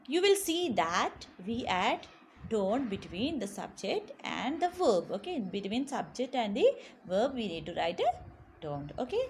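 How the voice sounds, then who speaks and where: A woman with a lively, mid-range voice explains grammar in a recorded lesson. She says "okay" often, takes short pauses between points, and puts heavy stress on example words. Faint background noise can be heard.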